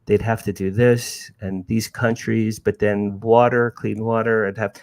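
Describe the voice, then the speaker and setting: An author guest from New Jersey, in his sixties, tells a story casually and animatedly, frequently restarting and repeating words. His lowish voice keeps a level tone at a measured pace and sounds a little mellow.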